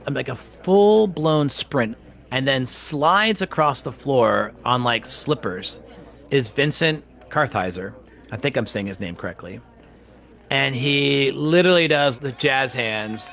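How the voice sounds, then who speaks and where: A man telling a casual anecdote, acting out the people in it. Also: mid-range voice. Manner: animated, acts out quoted voices. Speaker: guest actor telling a story.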